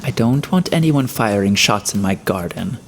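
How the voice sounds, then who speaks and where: A man's voice: on the low side, lively intonation, moderate pace, faint music behind. A man voicing a fussy landlady in a storybook reading, fretful and scolding. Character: fussy landlady guarding her money.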